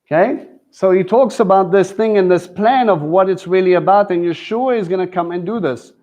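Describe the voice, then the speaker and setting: A man's voice: high voice, moderate pace, warm tone, lo-fi sound. A man teaching a live sermon in a conversational way, often asking his listeners questions. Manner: conversational preaching with questions to the crowd. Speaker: teacher at a Messianic congregation.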